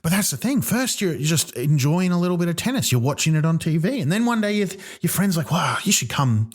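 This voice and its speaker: Man, comedy podcast host, mock-outraged rant, halting, lots of ums. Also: high voice, sing-song, a little mellow. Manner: rambling, halting, with many ums and restarts; mock-outraged, exaggerating for laughs. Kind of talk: comic rant.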